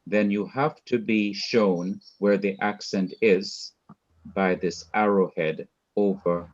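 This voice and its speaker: A man with a Jamaican accent teaching a class, going through his points slowly and one by one. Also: on the low side, fairly even intonation, lo-fi sound. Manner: slow, methodical, lists points one by one. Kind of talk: recorded class lecture.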